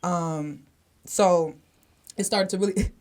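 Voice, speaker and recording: Slow, steady, and a little mellow, a woman with a low-leaning voice co-hosts a podcast and relates a personal story. Her manner is frank and conversational, with plenty of swearing aimed straight at the listeners.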